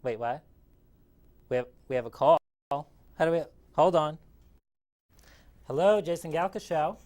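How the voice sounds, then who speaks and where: Male talk show host, slightly high voice, friendly, upbeat. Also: expressive, unhurried, darkish tone.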